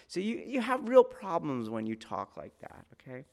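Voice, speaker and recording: A man's voice: fairly high pitch, huge pitch swings, moderate pace, gravelly. A man teaching about martial arts in an informal lecture, talking conversationally and often checking whether listeners follow.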